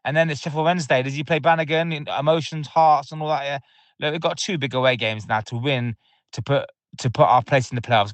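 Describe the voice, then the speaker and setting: A man's voice: medium pitch, no echo. A man leaving an angry voicemail to a football podcast, ranting and swearing, fuming. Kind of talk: angry fan voicemail rant.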